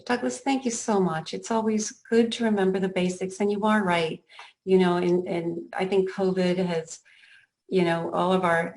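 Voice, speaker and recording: A middle-aged woman leading a school board meeting, speaking in an emotional, halting way with many restarts. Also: fairly low pitch, creaky, low-quality recording. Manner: emotional, halting, near tears.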